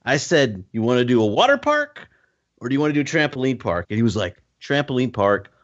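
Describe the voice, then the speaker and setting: An animated male storyteller who acts out voices and laughs through his tale. His pitch swings widely as he talks. The recording is dry and a little dull. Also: a little fast, no echo. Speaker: podcast co-host. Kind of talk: casual storytelling chat.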